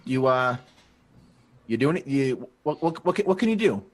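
A man's voice: medium pitch, lively intonation, moderate pace. A man playing in a tabletop game, chatting casually and stammering through his lines. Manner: stammering, laughs often between lines. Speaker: player.

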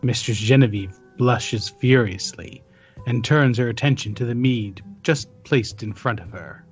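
A man narrating a fantasy audio drama in a measured storytelling manner. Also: medium pitch, lo-fi sound, soft background music.

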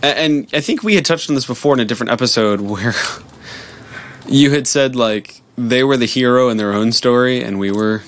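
A man co-hosting a podcast, chatting casually while he plays a game, animated and jokey and prone to silly voices. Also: medium pitch, a little fast, a little hiss or hum. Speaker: podcast co-host playing a game. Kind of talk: casual gaming chat.

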